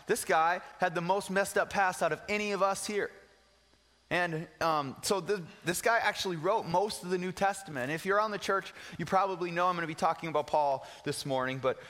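A man's voice: sits high, fairly bright tone. A young male pastor preaching a sermon in a church, casual and earnest, with slang and repeated phrases. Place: church sanctuary. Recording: long hall reverb.

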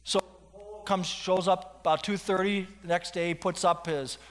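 A male pastor telling a story in a sermon, animated, with frequent restarts. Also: sits high, measured pace. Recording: long hall reverb.

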